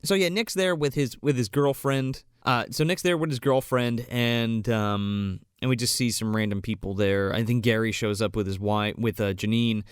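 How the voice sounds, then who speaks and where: A man's voice: mid-range voice, fairly even intonation, moderate pace, few pauses, clean tone, dry recording, clean studio sound. A man co-hosting a casual podcast, recapping a movie in a profane, mocking way. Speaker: podcast co-host.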